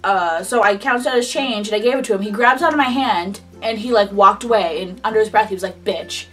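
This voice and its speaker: A woman's voice: mid-range voice, brisk, distant mic, faint music behind. A young woman casually telling a personal story in a chatty style, full of "like". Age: young adult. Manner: chatty, frequent "like", animated retelling. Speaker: vlogger.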